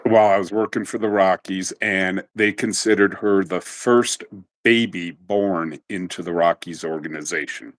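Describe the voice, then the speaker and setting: A middle-aged man with a low-sitting voice is interviewed as a guest. He tells animated stories in a casual way and is quick to laugh.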